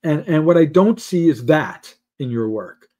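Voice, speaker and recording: Man, podcast host, higher pitch, warm tone, animated, teasing. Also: measured pace. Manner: animated, mocks stiff survey wording. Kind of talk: business podcast discussion.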